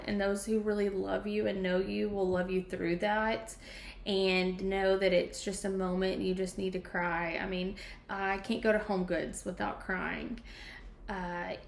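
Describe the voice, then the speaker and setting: A woman's voice: medium pitch, gravelly, a little hiss or hum. A woman hosting a podcast, speaking candidly and from the heart about grieving her mother. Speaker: podcast host. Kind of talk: emotional podcast conversation. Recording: echoey room.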